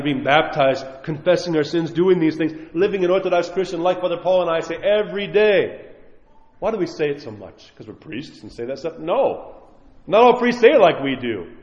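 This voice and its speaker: A man's voice: fairly high pitch, darkish tone. A man preaching a sermon as a priest, earnest and pleading, with a chuckle now and then. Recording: muffled echoey hall recording.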